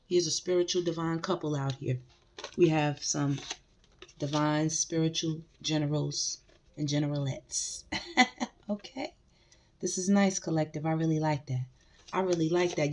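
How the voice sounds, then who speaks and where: A woman giving a casual spiritual tarot reading, speaking emphatically to her viewers and often repeating phrases. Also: low-pitched. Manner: emphatic, repeats phrases, addresses the collective directly. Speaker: tarot reader.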